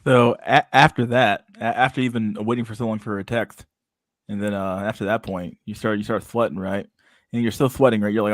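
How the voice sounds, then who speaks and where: A man hosting a casual chat show, telling stories in an animated, profane way and acting out everyone's reactions. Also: on the low side, brisk, no room sound. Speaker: podcast host.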